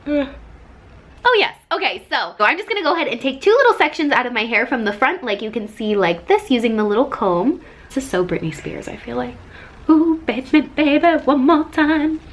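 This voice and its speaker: A woman's voice: a little high, big pitch swings, fairly quick, a bit bright. A young adult woman chatting through a casual hair tutorial vlog, bubbly and full of side notes and self-mocking jokes, recorded by a camera on a tripod. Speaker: vlogger.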